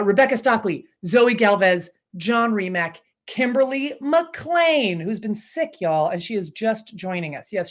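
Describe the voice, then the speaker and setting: A woman hosting an online improv show from her living room over a video call, chatty and bubbly, giving shout-outs and easily distracted. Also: mid-range voice. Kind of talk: live stream welcome and shout-outs.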